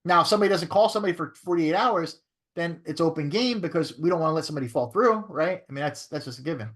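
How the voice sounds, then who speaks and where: A man's voice: fairly high pitch, animated, fast, fairly bright tone. A man who is a real estate broker teaching a training class in a coaching way, often checking in with "right?".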